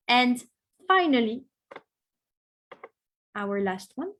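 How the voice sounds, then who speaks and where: A woman teaching an online class, encouraging students and modelling pronunciation slowly. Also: a little high, a little hiss or hum. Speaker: French teacher.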